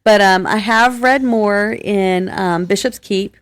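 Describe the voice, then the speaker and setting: Loud, laughing woman podcast co-host. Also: mid-range voice, slow. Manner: loud, laughs a lot, hesitant with fillers. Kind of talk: casual chat.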